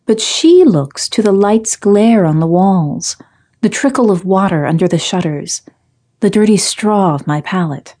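A woman narrates a first-person fairy tale in a measured, reflective, literary way. She takes her time over every phrase, unhurried and deliberate. Her voice is mellow and warm. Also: medium pitch, animated.

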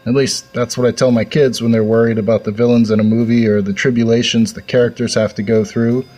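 A man's voice: medium pitch, little pitch movement, fast, darkish tone. A man hosting a fiction podcast, speaking in a reflective way after a story. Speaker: podcast host. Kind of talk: reflective outro commentary.

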